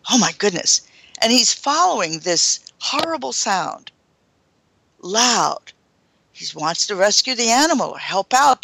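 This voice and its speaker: A woman's voice: on the low side, vocal fry, bright, forceful tone, dry recording. A woman hosting a talk show, telling a first-hand story in a dramatic way with gasps. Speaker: host.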